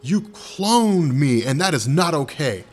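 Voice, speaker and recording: A man's voice: a little high, sing-song, slow pace, full character voice. A man casually voicing a brash, swaggering male thunder god who talks in streetwise slang, with faint music behind. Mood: calm stern. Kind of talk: casual comic retelling.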